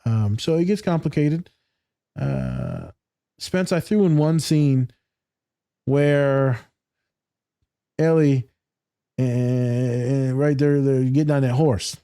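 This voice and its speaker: A man hosting a casual podcast, from Michigan, telling profane, animated stories and acting out quotes. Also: mid-range voice, takes it slowly, pauses often, clean tone, dry recording, clean studio sound. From Michigan, USA. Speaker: podcast host.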